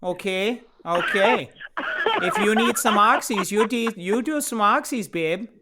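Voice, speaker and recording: A man's voice: sits high, measured pace, pitched above the performer's own voice. An easygoing, doting older grandma with a Wisconsin accent, put on by a man. She coaxes in a sweet, raised voice and calls you honey and babe. Background noise hums under the recording. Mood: coaxing.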